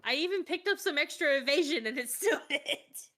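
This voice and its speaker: A woman playing a tabletop game, upbeat and quick to laugh. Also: high voice, animated, bright, forceful tone. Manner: upbeat, laughs through lines. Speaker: player.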